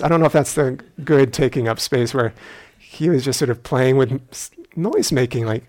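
A male meditation teacher giving a dharma talk in a retreat hall, reflective and unhurried with gentle humor. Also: medium pitch.

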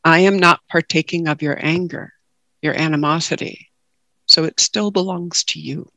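A woman voicing a serene, patient male spiritual teacher, asking questions gently and calmly. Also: sits low, moderate pace, dry recording.

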